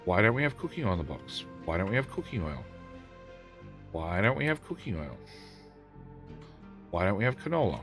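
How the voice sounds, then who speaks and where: Casual streamer, middle-aged male, bright forward tone, faint background music, talks to units and chat. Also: lowish voice, very animated, moderate pace, pauses often. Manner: talks to in-game units, banters loosely with chat. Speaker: game streamer. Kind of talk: live gameplay stream, chatting with viewers.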